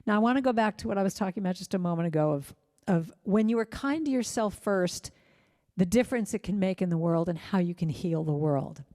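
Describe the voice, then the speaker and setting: A middle-aged woman giving a gentle, heartfelt inspirational talk in a church, telling personal stories. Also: mid-range voice, expressive, fairly quick. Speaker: singer-songwriter speaker.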